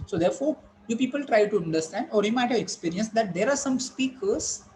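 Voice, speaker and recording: Brief: a man playing an lecturer, higher voice, unhurried, repeats points, faint background noise. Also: a little mellow, poor audio. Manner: slow, repetitive explaining with frequent pauses. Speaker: teacher. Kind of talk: online classroom lecture.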